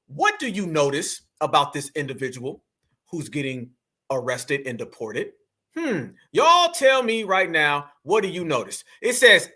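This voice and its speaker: Animated high-voiced man preaching commentary. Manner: animated, preachy, addresses viewers as family. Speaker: commentary host. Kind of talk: online commentary.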